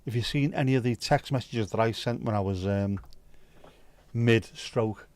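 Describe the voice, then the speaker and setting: A man's voice: mid-range voice, moderate pace, a little mellow. A man hosting a livestream, chatting casually with viewers, rambling and musing aloud with plenty of swearing. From Wales. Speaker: livestream host.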